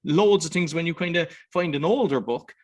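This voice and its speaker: Rambling, animated man hosting a podcast. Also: on the high side, normal speed. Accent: Irish. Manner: animated, rambling, voices other people. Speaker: podcast host. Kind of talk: casual conversation.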